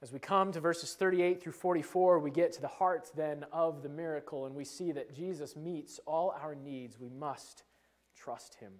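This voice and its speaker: A man preaching a sermon as pastor, emphatic, with phrases that fall away soft and low. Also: normal speed. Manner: acts out the disciples' worries in a fretful voice.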